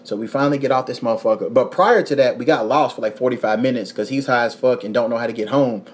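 A man's voice: mid-range voice, quick pace. A young man from Kentucky with a Kentucky accent, hosting a podcast and telling a rowdy story in casual chat, full of cursing and acted-out quotes. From Kentucky, USA. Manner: profane, animated storytelling with voiced quotes. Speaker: podcast host.

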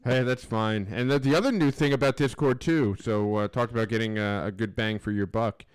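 A man's voice: fairly low pitch, steady tone, a little fast, clear, resonant tone. A man co-hosting a podcast, teasing his partner and plugging the show with jokes. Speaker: podcast co-host. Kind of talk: casual chat.

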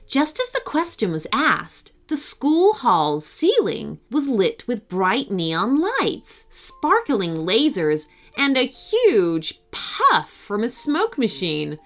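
A woman narrating a children's story in scripted storybook style, lifting her voice for the excited girls. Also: slow, hardly any pauses. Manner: expressive, voices the girls with higher excited pitch.

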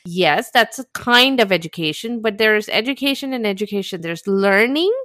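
A woman's voice: medium pitch, animated, normal speed, a bit bright, dry recording, clean studio sound. A woman co-hosting a podcast in casual chat, agreeable, often chiming in with yeah and mm-hmm. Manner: agreeable, lots of back-channel yeahs and mm-hmms. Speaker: podcast co-host.

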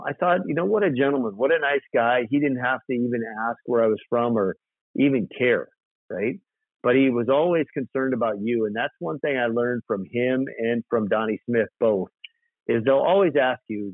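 A man's voice: mid-range voice, no room sound. A man from South Dakota, a custom motorcycle builder, telling rambling stories as an interview guest. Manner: animated, rambling storyteller with fillers. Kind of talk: casual storytelling interview. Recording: tinny dry phone-like line.

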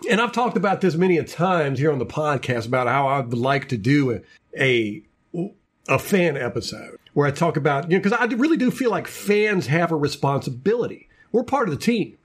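A man with a slightly husky voice, fairly high for a man, talks on a casual sports podcast. His pitch swings widely as he rants, often stumbling over repeated words and restarts. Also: brisk. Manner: animated, ranting, repeats words. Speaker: podcast host.

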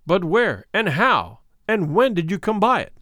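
A man voicing a young male medical student who asks quick, startled questions in a spoken story. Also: high-pitched, very animated, bright, forceful tone, dry recording, clean studio sound, exaggerated voice.

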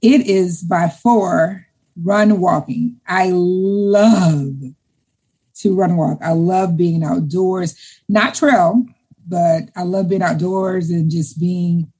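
A middle-aged woman with a husky, slightly breathy voice, answering interview questions in a relaxed, chatty way. She sounds enthusiastic and often repeats a word as she builds up to a point. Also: lowish voice, slow, poor audio. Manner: enthusiastic, chatty, repeats words when excited. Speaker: interview guest. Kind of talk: casual conversation.

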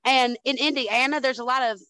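Talking fairly quickly, a woman guest on a podcast spins animated stories full of swearing, sprinkling "honey" and "dude" constantly through a casual chat. Her pitch sits a little above typical for a woman. The audio is poor, dry and close, with no room sound.

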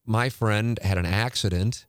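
A man's voice: lowish voice, a little slow, no room sound, studio quality. A man in his forties hosting a casual talk show, rambling and restarting sentences with candid, profane asides. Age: 40s. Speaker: podcast host. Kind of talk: casual chat.

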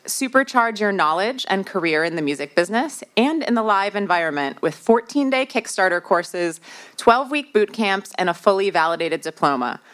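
A woman's voice: medium pitch, lively intonation, normal speed, a bit bright. A woman with a Midwestern American accent hosting a live podcast, chatting to the audience with lots of fillers. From United States. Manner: chatty, asks the crowd questions, many fillers. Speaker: podcast host.

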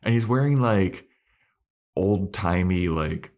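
Deep-ish guy podcasting, lots of "like", lively ups and downs. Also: takes it slowly. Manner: loose, swearing, many "like"s. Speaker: podcast co-host. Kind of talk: casual recap chat.

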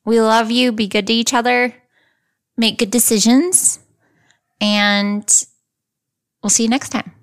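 A woman's voice: on the high side, fairly even intonation, a little slow, long pauses. A woman co-hosting a true-crime podcast in casual, teasing chat, laughing often. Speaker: podcast co-host.

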